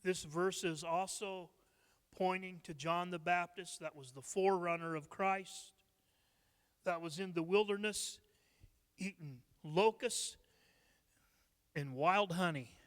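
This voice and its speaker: A high-pitched Midwestern American man preaching at a Bible study, his voice smooth and resonant. He unhurriedly reads scripture and breaks in with joking asides. The sound carries the long reverb of a church sanctuary. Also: takes it slowly, pauses often, a bit bright. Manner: humorous asides and laughs. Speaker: pastor. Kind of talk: sermon-style Bible study teaching.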